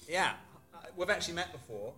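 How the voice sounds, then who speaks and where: A man's voice: fairly high pitch, expressive, brisk, pushed and bright. A man chatting as a player in a tabletop game, laughing between his words. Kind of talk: casual chat during a tabletop game.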